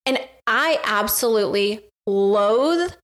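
A woman's voice: mid-range voice, expressive, slow pace. A woman on a podcast, telling a candid, self-assured story in casual chat.

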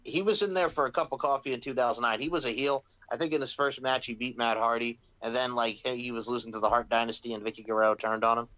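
A man hosting a casual wrestling podcast, chatty and quick to joke. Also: medium pitch, steady tone, sharp tone, poor audio. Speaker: podcast host.

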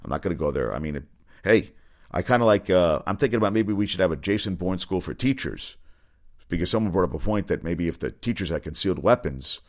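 A man's voice: deep voice, lively intonation, quick pace. A man hosting a casual opinion commentary, blunt and rambling, swearing freely. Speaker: commentary host.

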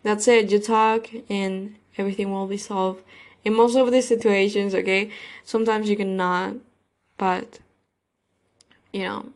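A woman at a middle pitch talks through her solo podcast in a casual, wandering way. She leans on fillers and restarts, and her sentences loosen as she goes. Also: fairly even intonation, a little slow, long pauses. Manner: rambling, filler-heavy, loose grammar. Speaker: podcast host.

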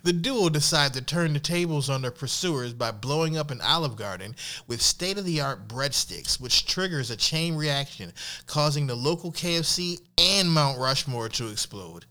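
Bright, giggly male podcast host. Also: a little high, animated, moderate pace. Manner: laughs often, repeats "you know what I'm saying". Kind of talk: casual podcast chat.

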